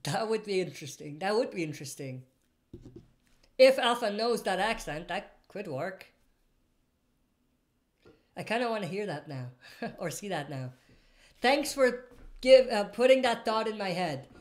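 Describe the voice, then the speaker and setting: A woman's voice: mid-range voice, animated, unhurried, long pauses, a little mellow. A woman hosting a casual live stream, reading out viewer comments and answering in a rambling way, often stopping to correct herself. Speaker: livestream host answering viewer questions.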